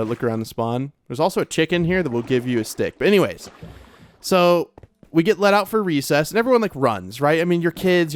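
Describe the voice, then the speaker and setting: A young man telling a long, rambling childhood story in a laid-back way while playing a game, his talk full of "like" and "bro". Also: medium pitch. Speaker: gaming streamer.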